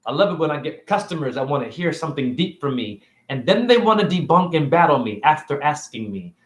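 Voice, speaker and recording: A man giving a rambling, confrontational livestream monologue. He fires off rhetorical questions, and his pitch swings widely. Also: sing-song, a little fast, reverberant. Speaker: spiritual vlogger and store cashier.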